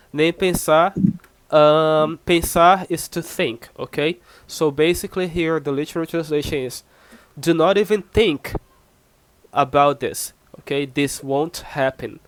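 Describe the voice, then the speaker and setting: In this online language lesson, a native Portuguese speaker from Brazil uses English to teach Portuguese phrases in a mid-range voice with no echo. Patient and repetitive, he works through slow drilled examples and keeps asking "okay?" to check understanding.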